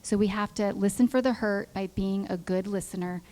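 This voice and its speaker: Middle-aged female church speaker, conversational sermon delivery, animated storyteller who voices quotes. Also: medium pitch, normal speed.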